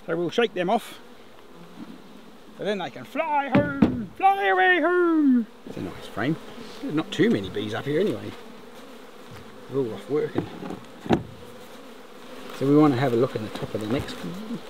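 A man's voice: mid-range voice, big pitch swings, moderate pace, long pauses. A middle-aged Australian man chatting casually with chuckling asides while working his beehives outdoors. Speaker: beekeeper vlogger. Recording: outdoor camera mic, noticeable ambient noise. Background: buzzing bees and insects.

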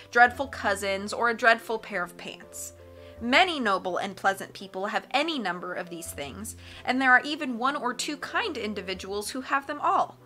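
Woman reading an audiobook, bright kinda high voice, expressive, faint music behind. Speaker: audiobook reader. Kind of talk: audiobook narration.

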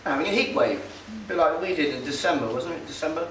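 A man's voice: on the high side, expressive, fast, fairly bright tone. A man giving a casual, sardonic talk to an audience in a meeting hall. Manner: conversational, sardonic, hesitant with fillers. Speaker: speaker at a public talk. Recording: roomy hall, far from mic, faint noise.

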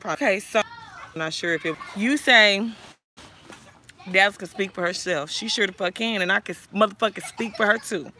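Woman livestreamer, bright tone, foul-mouthed and confrontational, heated callout rant into a phone. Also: medium pitch, normal speed, a little hiss or hum. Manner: profane, confrontational, calls out viewers directly. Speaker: livestream host.

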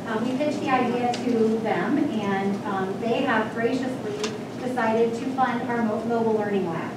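A woman's voice: on the high side, measured pace. A woman on the school district staff presenting a new project at a board meeting, speaking in a prepared, explanatory way with some hesitations. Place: public meeting room. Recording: echoey meeting room, distant mic, loud background noise.

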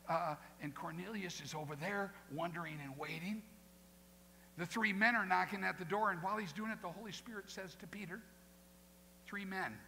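A male pastor preaching a sermon with lively asides, acting out quoted voices. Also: sits high, creaky. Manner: animated, acts out quoted voices, folksy asides. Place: church sanctuary. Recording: long hall reverb, faint noise.

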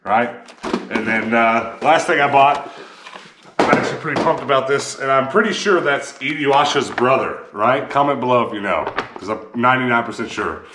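A man's voice: medium pitch, expressive, normal speed. Man, casual vlogger chat, enthusiastic, echoey room, noisy background. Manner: chatty, enthusiastic about collectible finds. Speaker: vlogger showing thrift finds.

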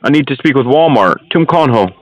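A man's voice: medium pitch, animated, fairly quick, soft background music. A man making a casual prank phone call, teasing the person on the line and mixing in broken Hindi phrases. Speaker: scam-baiting prank caller.

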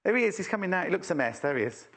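Animated, chatty male shopping presenter. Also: sits high, rapid-fire, gravelly, slightly rough. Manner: chatty, teasing, exclamatory. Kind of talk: live shopping channel chat.

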